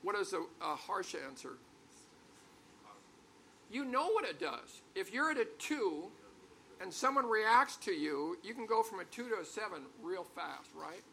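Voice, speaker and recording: A man's voice: sits high, big pitch swings, measured pace, sharp tone, a little hiss or hum. An older man preaching a sermon to a congregation, talking conversationally with stories and then building to emphatic peaks. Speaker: pastor.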